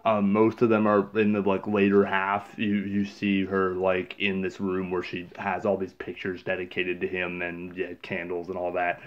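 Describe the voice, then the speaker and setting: A man's voice: low voice, monotone, moderate pace, few pauses, lo-fi sound. A man casually recapping a movie in a rambling, exasperated, sarcastic way, full of fillers. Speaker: movie reviewer.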